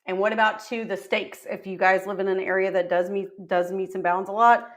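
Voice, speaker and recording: A woman's voice: mid-range voice, fairly even intonation, fairly quick. Woman co-host quizzing webinar students. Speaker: real estate exam co-instructor. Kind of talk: live webinar teaching.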